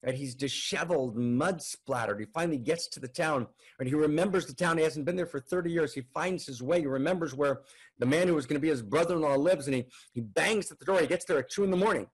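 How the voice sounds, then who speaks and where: A man telling a folk tale aloud in an animated way, often checking in with listeners. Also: fairly high pitch, quick pace, slightly rough. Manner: animated, frequent "right?" tags. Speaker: storyteller.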